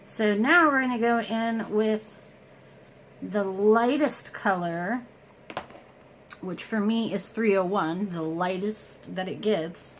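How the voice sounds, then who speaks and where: A woman's voice: mid-range voice, takes it slowly, a little hiss or hum, poor audio. A woman chatting casually through a makeup tutorial at home, explaining each step and joking about herself. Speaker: beauty vlogger.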